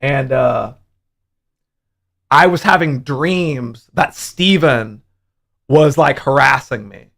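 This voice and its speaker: A young man hosting a casual livestream, telling a profane, animated story about his hangover. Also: medium pitch, takes it slowly, vocal fry, long pauses. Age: young adult. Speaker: livestream host.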